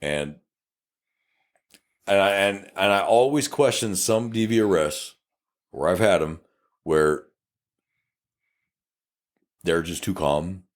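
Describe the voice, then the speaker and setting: South Texas man, cop co-host, low voice, lively and swearing, acts out both sides of the scene. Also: slow pace, pauses often. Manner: profane, animated, acts out dialogue. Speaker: podcast co-host, police officer. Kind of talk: casual storytelling chat.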